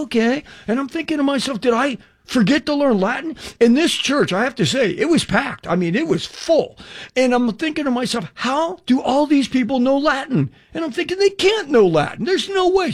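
An older man preaching a radio testimony in a high, lively voice that climbs and dips as he tells his story. He acts out every bit of dialogue, then turns and asks the listener questions directly. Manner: animated storyteller acting out dialogue. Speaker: evangelist.

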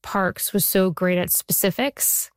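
A woman's voice: mid-range voice, unhurried, clear, resonant tone, no echo, clean studio sound. A woman who writes for television, talking casually in an interview and acting out remembered conversations as she tells stories. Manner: animated storyteller who acts out quoted exchanges. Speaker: TV writer and showrunner.

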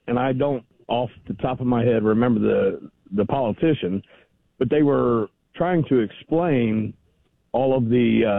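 A man phoning in to a radio talk show, his voice gravelly and thin through a phone line. He argues his case insistently and keeps pressing. The sound is dry with no room around it. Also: medium pitch, no room sound. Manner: argumentative, presses his point. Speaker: caller.

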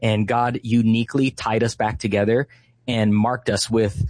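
A man's voice: lowish voice, level tone, normal speed, darkish tone, no room sound. A man in his thirties from Hawaii, a guest in an interview, telling a story earnestly and passionately with lots of fillers. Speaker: guest, Christian activist.

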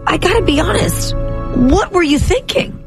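A woman's voice: extremely high pitch, animated, measured pace, vocal fry, over music. Exasperated teasing woman co-host. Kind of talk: casual banter.

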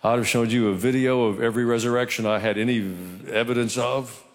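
A man preaches a sermon in a conversational style, dropping in humorous asides. His voice has a gravelly edge, and it carries with a long reverberant tail through the church. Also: mid-range voice, fairly even intonation, a little fast. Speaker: pastor.

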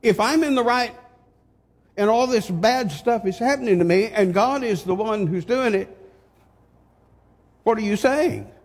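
A man's voice: high voice, lively intonation, unhurried, pauses often. An older man preaching an expository sermon, reading scripture aloud and pressing his points with emphatic rhetorical questions. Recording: long reverb of a large hall.

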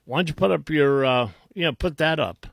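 A man's voice: fairly high pitch, a little fast, vocal fry, no echo, studio quality. A man hosting a talk radio show, mocking and sarcastic, often restarting his sentences. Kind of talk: combative talk radio commentary.

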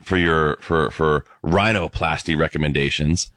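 A man's voice: rumbling low, fairly even intonation, a little slow, a bit bright, no room sound. A man co-hosting a casual chat, telling rambling joking stories. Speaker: co-host.

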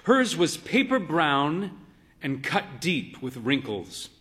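A man narrating a literary story in a measured, wry, deadpan way. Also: a little high.

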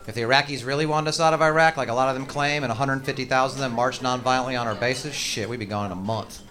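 A man's voice: mid-range voice, quick pace, fairly bright tone. A man performing stand-up comedy with profane, mock-angry rants. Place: comedy stage. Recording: noisy live stage recording.

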